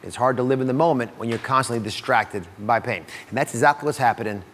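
A man's voice: mid-range voice, quick pace, a bit bright, big-room sound, a little hiss or hum. A middle-aged man hosting a studio talk show, playful and jokey as he quizzes his guests. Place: TV studio with audience.

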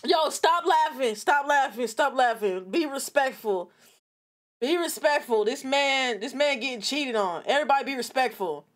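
Young woman reactor, high bright pitch swinging widely; blunt, profane, quick to laugh. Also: lively intonation. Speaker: streamer reacting to a video. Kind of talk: casual reaction commentary.

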